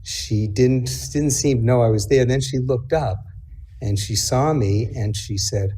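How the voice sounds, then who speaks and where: Man, middle-aged, memorial eulogy, mellow tone, slightly husky, halting and reflective. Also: mid-range voice. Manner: halting, reflective, with frequent fillers. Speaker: eulogy speaker, son. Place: memorial service.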